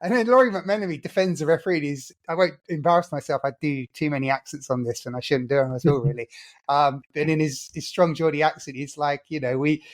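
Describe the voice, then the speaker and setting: The co-host here is a man whose voice is a little high and who talks quickly. On the casual football podcast, he spins stories with plenty of enthusiasm.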